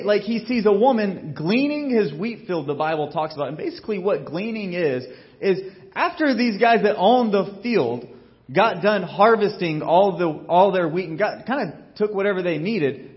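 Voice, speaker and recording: A man preaching a sermon as pastor, telling a story in a casual, joking way and acting out what people say, getting loud and then dropping low. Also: moderate pace, dull audio. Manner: animated storytelling, acts out quotes with big swings in loudness.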